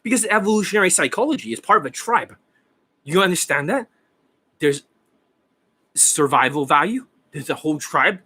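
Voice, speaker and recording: A hoarse man lecturing his viewers as a dating coach, profane and combative, firing off rhetorical questions. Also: fairly high pitch, animated, normal speed, pauses often, pushed and bright. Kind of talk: ranting monologue to viewers.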